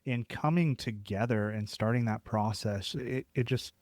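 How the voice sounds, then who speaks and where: A man's voice: medium pitch, moderate pace, darkish tone, no echo. A man co-hosting a podcast, agreeing with the guest and reflecting in a casual way. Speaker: podcast co-host. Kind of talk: casual chat.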